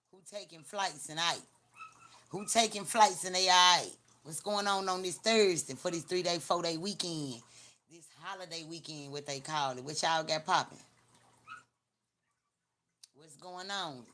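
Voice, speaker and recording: A Memphis, Tennessee woman with a Southern accent hosts a live stream in a low, bright, forceful voice. Her casual chat is blunt, slangy, repetitive and teasing.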